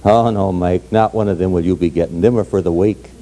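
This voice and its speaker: A hoarse man voicing a fussing Irish wife by her husband's deathbed in a joke. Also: low voice, steady tone, brisk, heavy background noise, close to an everyday voice. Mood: stern.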